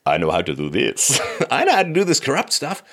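A man's voice: mid-range voice, wildly swooping pitch, a little fast, sharp tone, full character voice. A man voicing a scheming male swindler of government programs in a vague foreign put-on accent, sly and chuckling. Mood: sly, gleeful.

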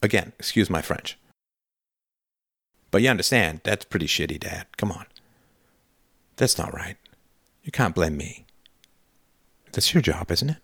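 A man's voice: deep voice, lively intonation, unhurried, pauses often, a bit bright, slightly rough, no room sound. Heated, emphatic man in a dry studio. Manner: heated, emphatic, sarcastic, swearing. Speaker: host role-playing a son confronting his father. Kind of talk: call-in show role-play.

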